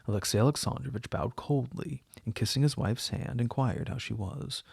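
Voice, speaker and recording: A male audiobook narrator reading a classic novel in a measured, even way. His voice has a gravelly, husky texture, and the recording is dry and close with no room sound. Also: medium pitch, no room sound. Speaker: audiobook reader.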